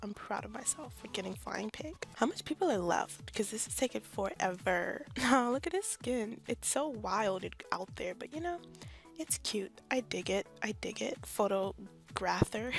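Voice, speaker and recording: A woman's voice: mid-range voice, expressive, moderate pace, creaky, faint music behind. A young woman casually commenting on her gameplay, chatty and self-deprecating, often laughing. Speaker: gaming YouTuber. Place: bedroom at home.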